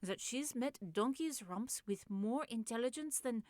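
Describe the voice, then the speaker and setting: A woman's voice: fairly high pitch, unhurried, darkish tone, no echo, pitched above the performer's own voice, close to an everyday voice. A woman doing a dry, wry translator.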